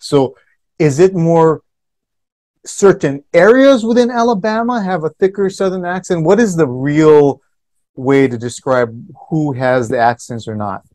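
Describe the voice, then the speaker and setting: A man's voice: fairly high pitch, a little mellow. A man hosting a casual radio interview, asking long, friendly, rambling questions with the odd chuckle. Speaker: radio show host, interviewer.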